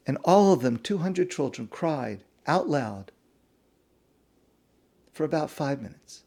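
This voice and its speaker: A man, a rabbi, telling a story in a sermon, slow and hushed with dramatic pauses. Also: a little high, expressive.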